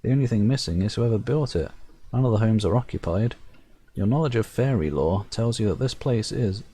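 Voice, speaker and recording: A man's voice: fairly low pitch, mellow, slightly rough. A man playing a fantasy game, reading its narration aloud with wry asides. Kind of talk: let's-play commentary reading game text.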